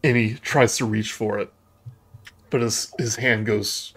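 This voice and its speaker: A man's voice: lowish voice, steady tone, measured pace, a bit bright, husky. A man running a tabletop game as game master, narrating in a casual, loose way with frequent restarts.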